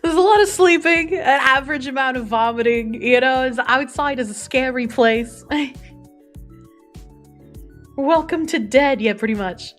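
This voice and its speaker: Chatty high-voiced woman streamer. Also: measured pace, fairly bright tone. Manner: chatty, swears freely, laughs often. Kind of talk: casual chat reading out viewer messages. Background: faint background music.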